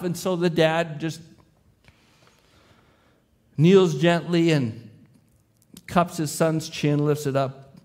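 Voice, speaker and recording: A man's voice: a little high, steady tone, takes it slowly, pauses often. A man preaching as pastor, telling an illustrative story with the boy's and father's voices, then leading a closing prayer. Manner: voices the boy and father in his story, softening to a hushed prayer.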